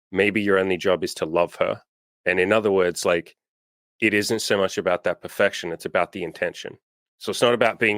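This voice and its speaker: A man speaks in a notably low voice, talking frankly and with emphasis as he coaches. The sound is dry and close, with no room around it. He swears freely in casual interview chat. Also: fairly bright tone, dry recording. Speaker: coach and host.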